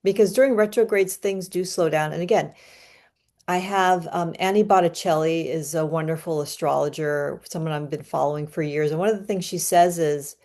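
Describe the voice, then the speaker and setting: A woman giving an astrology reading and guiding a breathing ritual in a calm, soothing, unhurried way. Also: low voice. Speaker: astrology reader. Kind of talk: guided breathing and astrology talk.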